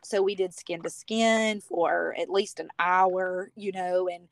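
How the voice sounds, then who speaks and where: A woman's voice: lowish voice, fairly even intonation, slow pace, a little hiss or hum. A woman from the United States telling her personal story as a guest on a podcast, chatty and heartfelt, with lots of "you know" and "like".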